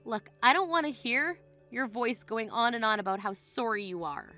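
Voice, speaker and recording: Indignant young bride voiced by a woman for a text-message drama; high, bright voice, faint music behind. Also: normal speed. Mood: cold. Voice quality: firm, indignant. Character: wronged, resolute young bride. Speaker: voice actor.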